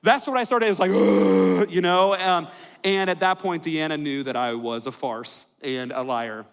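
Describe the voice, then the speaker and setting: Smooth and fairly bright, this young man's slightly high voice runs at a normal speed. He's a pastor giving a storytelling sermon in a church worship hall, full of self-deprecating humor and personal stories.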